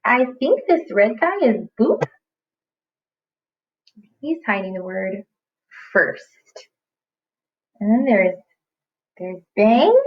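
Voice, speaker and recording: A woman's voice: mid-range voice, lively intonation, slow, long pauses, lo-fi sound. A woman teaching young children in a recorded lesson, talking in a playful, exaggerated sing-song way. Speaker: kindergarten teacher.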